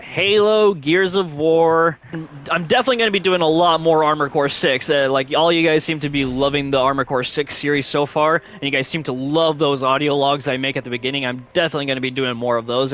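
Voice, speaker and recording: A man hosting a gaming channel, chatting casually and rambling, with many fillers and sudden jumps up in pitch. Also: fairly bright tone. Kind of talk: casual vlog chat.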